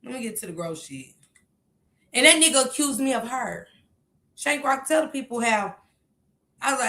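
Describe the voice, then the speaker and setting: A woman streamer in a heated, profane, casual rant to her viewers, breaking into shouts. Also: on the high side, lively intonation, moderate pace, long pauses, roomy sound.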